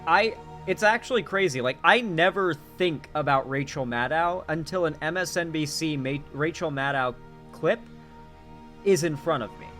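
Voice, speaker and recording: A young man giving casual political commentary, sarcastic and animated, swinging between loud emphasis and quiet asides. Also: fairly high pitch.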